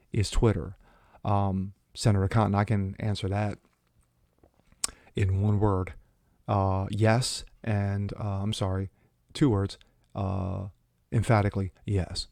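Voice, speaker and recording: A man with a low, dark voice reads news stories aloud and cuts in with scornful, sarcastic remarks. The recording is dry and close, with no room sound. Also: dry recording. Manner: sarcastic, mocking asides between quoted passages. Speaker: commentary channel host. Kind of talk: opinion commentary reading news aloud.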